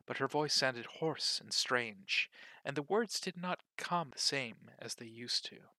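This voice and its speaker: Man reading a storybook aloud, very bright tone, dry close sound, expressive and measured. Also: medium pitch, no room sound. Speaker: narrator.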